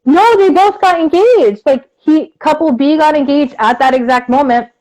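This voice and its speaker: A woman co-hosting a casual chat, telling a story in an animated way and acting out the people in it, with plenty of fillers. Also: high voice, moderate pace, rough recording. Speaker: co-host.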